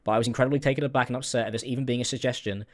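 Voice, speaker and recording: Man reading a statement very fast. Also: mid-range voice, fairly even intonation.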